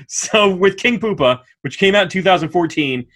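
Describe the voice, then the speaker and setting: A man co-hosting a podcast, chatting casually in an animated, rambling way and laughing often. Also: sits high, moderate pace. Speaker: podcast co-host. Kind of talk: casual chat.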